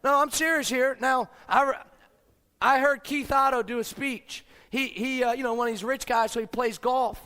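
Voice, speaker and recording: A man giving a fired-up motivational business speech, swinging from low, quiet lines to shouting. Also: fairly even intonation, normal speed, smooth. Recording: long hall reverb.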